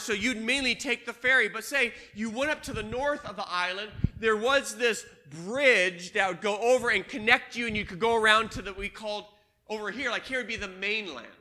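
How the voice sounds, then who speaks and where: An older man preaching a sermon, swinging between loud emphatic lines and hushed ones. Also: extremely high pitch, fairly quick. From Washington State. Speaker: pastor.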